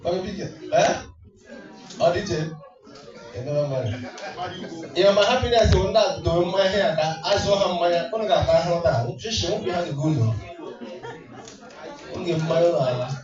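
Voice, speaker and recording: Teasing MC, echoey distant hall. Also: male voice, sits high, moderate pace, long pauses. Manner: teasing, playful crowd work with frequent laughter. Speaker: event MC and comedian. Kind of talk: live MC banter with crowd. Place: community party hall. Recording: distant echoey hall mic, dull sound. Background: music playing.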